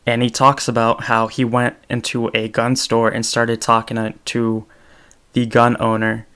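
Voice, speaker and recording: Monotone and unhurried, a young adult man speaks in a medium pitch with a sharp, clean tone on his own podcast. He goes solo and unscripted, reasoning aloud and revising his statements mid-stream.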